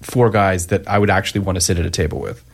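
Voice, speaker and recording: A man's voice: low voice, steady tone, fast. A man co-hosting a casual movie podcast, wry and sarcastic, often laughing as he talks. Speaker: podcast co-host. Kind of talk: casual movie review chat.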